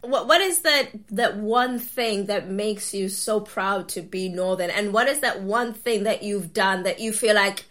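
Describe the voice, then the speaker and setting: A woman's voice: medium pitch, measured pace, few pauses, fairly bright tone. A woman hosting a podcast in casual, enthusiastic interview chat, often laughing. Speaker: podcast host.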